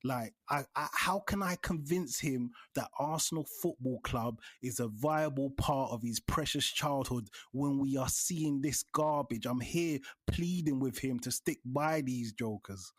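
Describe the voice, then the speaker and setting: A man's voice: mid-range voice, a little slow, hardly any pauses, no echo. Exasperated man ranting with slang. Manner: animated, exasperated, says bruv a lot. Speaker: podcast guest. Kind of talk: heated fan podcast rant.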